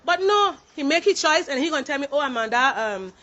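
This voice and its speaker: A woman's voice: sits high, big pitch swings, fairly quick, sharp tone, lo-fi sound. A woman who works in a warehouse, protesting indignantly and emphatically and slipping into French mid-sentence. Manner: indignant, emphatic, mixing French into her English. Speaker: warehouse employee. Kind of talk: impassioned protest speech to camera.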